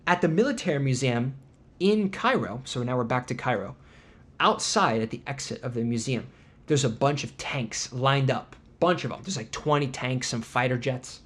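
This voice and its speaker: A man's voice: mid-range voice, normal speed, a bit bright. A man hosting a podcast, telling an indignant travel story in casual chat with sarcastic asides. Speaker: podcast host.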